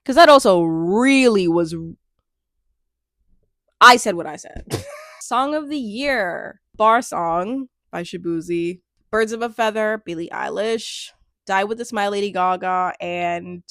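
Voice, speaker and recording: A woman's voice: mid-range voice, a bit bright, no echo, studio quality. A woman in her twenties chatting casually as a music vlogger, laughing often and trailing off into restarts. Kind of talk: casual commentary vlog.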